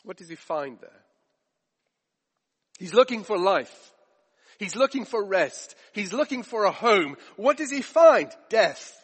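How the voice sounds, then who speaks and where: A man's voice: high-pitched, very animated, a little slow, pauses often, breathy edge, long reverb tail. A man preaching a sermon, emphatic with rhetorical questions and repetition.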